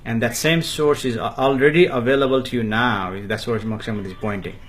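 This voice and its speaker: Brief: man, spiritual teacher answering viewer comments on a live stream, halting delivery full of fillers. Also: mid-range voice, soft background music. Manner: refers to himself in the third person, slow and halting with many fillers.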